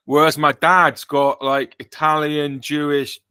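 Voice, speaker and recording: British male podcast host, bright sound, dry close mic, jokey and rambling. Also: a little high, little pitch movement, takes it slowly, smooth, no room sound. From Britain. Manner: joking, rambling with self-corrections. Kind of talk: casual chat.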